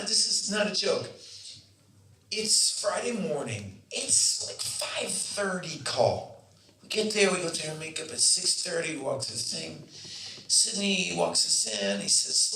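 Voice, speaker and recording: Animated male storyteller, roomy hall. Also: fairly high pitch, measured pace. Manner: animated, acts out other people's voices. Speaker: festival Q&A guest. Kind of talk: anecdotal storytelling. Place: festival Q&A venue. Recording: roomy hall, distant mic, faint noise.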